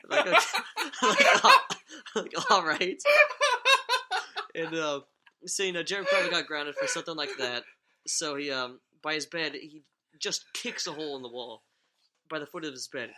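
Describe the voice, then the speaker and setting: A young man spins stories in a loose podcast chat, his voice swinging widely up and down. The tone is bright and forward, full of swearing and fillers, and he keeps breaking into laughter. Relaxed, rambling, casual. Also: a little high. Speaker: podcast co-host telling stories.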